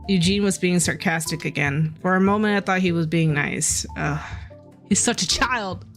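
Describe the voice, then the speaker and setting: A woman with a lowish voice streams an otome game at a moderate pace, with faint music in the background. She reads the game's dialogue aloud, slightly shifting her voice for each character, and chats playfully with her viewers.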